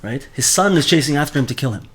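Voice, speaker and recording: A man's voice: medium pitch, quick pace, breathy edge. Man teaching a Torah class. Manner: animated, mixes Hebrew terms into speech, repeats words often.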